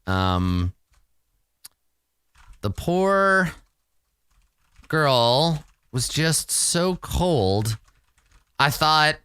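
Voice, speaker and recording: Man, solo tabletop game narration, relaxed and rambling, bright, crisp voice. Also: mid-range voice, no echo, clean studio sound. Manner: relaxed, rambling, self-amused.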